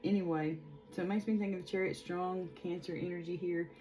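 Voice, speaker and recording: A woman's voice: lowish voice, steady tone, brisk, mellow, faint music behind. A woman in her forties giving a casual, chatty tarot reading, rambling with lots of fillers. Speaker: tarot reader.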